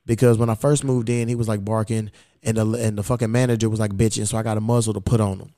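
Speaking at a quick pace in a lowish voice, a podcast host chats casually through a story, swearing heavily and performing the back-and-forth he quotes. The sound is clean studio audio with no echo.

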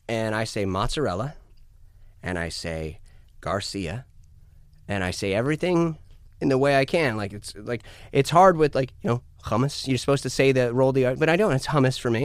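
An American man in casual chat, talking in an animated, profane, ranting way with put-on quotes. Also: mid-range voice, moderate pace, no room sound, studio quality. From United States. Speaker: guest musician.

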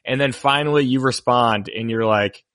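A man co-hosts a comedy chat with a bright, crisp tone, recorded close and dry. He retells a funny exchange in an amused way, slipping in quick asides. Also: medium pitch, dry recording. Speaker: podcast co-host.

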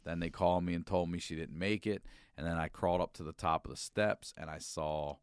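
A man talks in a dry, close studio sound, his lowish voice bright and smooth. He tells blunt, profane stories and laughs often. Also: steady tone, brisk, no room sound. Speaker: comedian and podcast host. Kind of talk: casual podcast chat. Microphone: studio mic.

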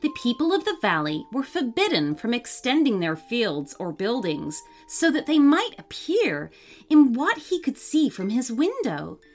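A woman reading a children's story aloud as scripted narration, in an expressive storytelling manner. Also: on the high side, unhurried. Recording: faint music under the voice.

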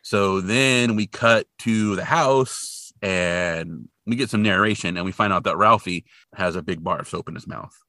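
A man hosting a podcast, casually recapping a movie as an animated storyteller who acts out the characters. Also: low-pitched, measured pace, hardly any pauses, no echo, clean studio sound. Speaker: podcast host.

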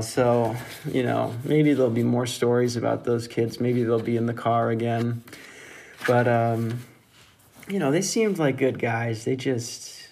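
Casting: young adult man, casual profane storyteller, average pitch, rambling monologue. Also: creaky, darkish tone. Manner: rambling, profane, laughs at own jokes.

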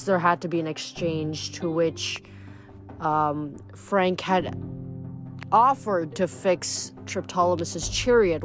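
A young woman hosting a reading channel, recapping casually with fillers and then reading a novel aloud. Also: fairly low pitch. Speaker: book reader.

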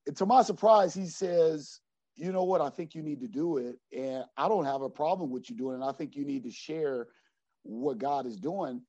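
A middle-aged basketball coach with a fairly high voice gives a personal faith testimony in an interview, earnest and animated but often sinking to a low, quiet tone. He speaks a little fast, and the recording is dry and slightly dull.

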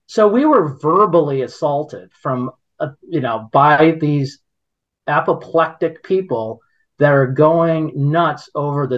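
A middle-aged man telling a story on a podcast in a rambling, indignant way, with many restarts. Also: fairly high pitch. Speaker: podcast guest. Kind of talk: casual conversational storytelling. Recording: dull lo-fi podcast audio.

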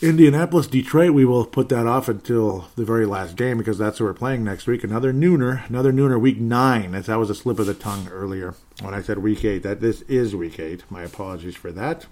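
A man's voice: on the low side, brisk, few pauses, warm tone. A man hosting a solo football podcast, recapping the week's games in a sarcastic, rambling way, with sighs and chuckles. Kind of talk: casual solo sports recap.

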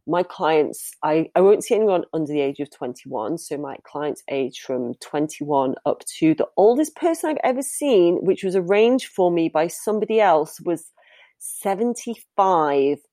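A woman's voice: on the low side, expressive, measured pace, warm tone, no room sound. A woman, a professional dominatrix, answering interview questions in a candid, chatty way and laughing easily.

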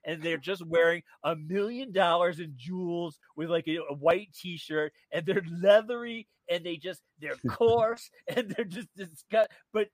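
A man co-hosting a radio show, telling a story in a gossipy, animated way with many fillers and restarts. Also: sits high, a little slow, few pauses, no echo. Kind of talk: casual radio chat. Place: radio studio.

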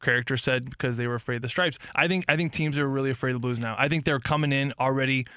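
A man, a former hockey player, talking hockey in casual, animated chat and telling stories with excitement. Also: medium pitch, racing, clear, resonant tone, dry recording, studio quality. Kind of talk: casual sports talk.

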